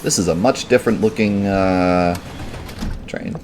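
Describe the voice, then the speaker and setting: Deep-voiced man chatting through a livestream. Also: unhurried, background noise. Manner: chatty and rambling, answering chat questions, heavy on "like" and "um". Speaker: let's play streamer. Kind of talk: live gameplay commentary.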